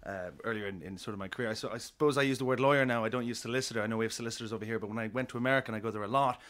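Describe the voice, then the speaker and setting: A man's voice: mid-range voice, fairly bright tone. An Irish man performing a wry stand-up routine as a comedian. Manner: quick, wry, self-deprecating delivery.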